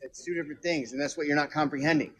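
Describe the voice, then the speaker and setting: A man's voice: a little high, steady tone, very fast, over a noisy crowd. A man in a heated online debate, angry and profane, talking over the other speaker. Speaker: debate guest.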